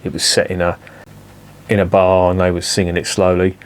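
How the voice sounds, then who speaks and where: A man's voice: sits low, completely flat delivery, a little fast. A man in his fifties reviewing beer in a casual, rambling, sweary chat full of digressions.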